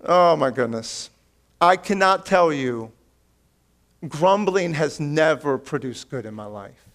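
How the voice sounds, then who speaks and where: His sermon is heartfelt and beseeching, the pastor greeting everyone as friends. Emphatic raised passages give way to quiet, low asides, and he stays animated yet unhurried.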